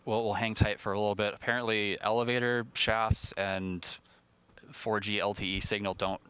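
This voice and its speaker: A man's voice: on the low side, steady tone, normal speed, fairly bright tone, clear, resonant tone, no echo. Chatty, resonant-voiced male livestream host. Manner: chatty, self-deprecating, many restarts. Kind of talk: ad-libbed live broadcast hosting.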